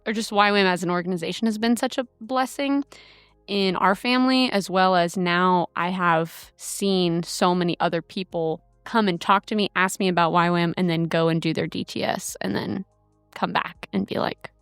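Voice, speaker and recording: A woman's voice: lowish voice, steady tone, normal speed, smooth, no room sound, faint music behind. A woman co-hosting a faith podcast in casual chat, talking with many fillers. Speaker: podcast co-host.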